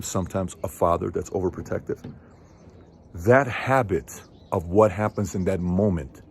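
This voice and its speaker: A man in his thirties, a show host, telling a personal story to camera in a casual, emphatic way with sudden loud peaks. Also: low-pitched, slight background noise.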